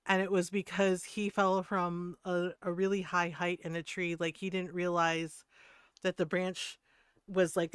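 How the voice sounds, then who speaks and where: A woman's voice: mid-range voice, smooth, no echo, clean studio sound. A woman in her fifties streaming a game, chatting and telling stories with frequent laughs and lots of "like". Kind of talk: casual chat while gaming.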